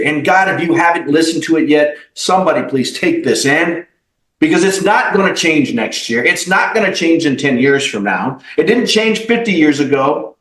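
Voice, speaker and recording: Man, podcast guest, company CEO, blunt motivational talk, swears, high lively voice, echoey room. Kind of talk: podcast interview.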